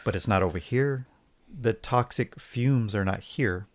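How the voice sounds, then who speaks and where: A man co-hosting a podcast in casual opinion chat, sarcastic and halting with restarts. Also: fairly low pitch. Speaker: podcast co-host.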